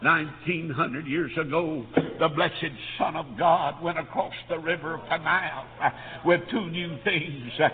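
A man preaching a revival sermon, telling stories that rise into shouted climaxes. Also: on the high side, a little slow, hardly any pauses. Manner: storytelling, building to shouted climaxes. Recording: tinny lo-fi recording in a reverberant hall.

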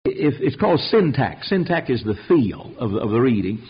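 A man's voice: medium pitch, big pitch swings, moderate pace, husky, muffled recording. A man teaching a Bible study sermon in a folksy, emphatic way, acting out quotes, heard on an old tape recording. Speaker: preacher teaching a Bible class.

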